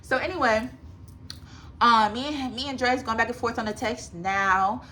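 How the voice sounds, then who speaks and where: A woman's voice: fairly high pitch, normal speed, bright, forceful tone, a little hiss or hum. A woman in her twenties telling a personal story to her viewers in a casual, emphatic storytime vlog. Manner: chatty, emphatic, talks straight to viewers. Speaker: vlogger.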